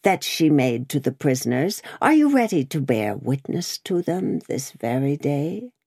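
A stern, vengeful revolutionary woman, voiced by a woman reader, cold and deliberate, in a very low, dark voice. Her pitch swings widely as she presses each point. The sound is dry and close. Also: sing-song, slightly rough, no echo, exaggerated voice.

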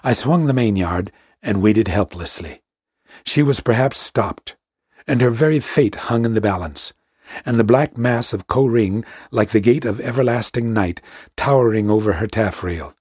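A man narrating a classic sea story in a measured, hushed storytelling manner. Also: on the low side, slightly rough, no echo, clean studio sound. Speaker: audiobook narrator.

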